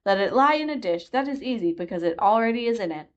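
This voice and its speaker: A woman voicing a gentle, cooing queen who speaks softly in a storybook reading. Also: mid-range voice, lively intonation, fast, dull audio, natural voice. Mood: sing-song. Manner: soft, cooing.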